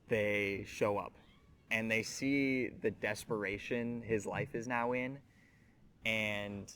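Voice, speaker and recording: A man's voice: fairly low pitch, fairly bright tone, a little hiss or hum. A man hosting a scripture teaching show, speaking earnestly and reflectively, addressing the listener directly. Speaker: host of a Bible teaching show.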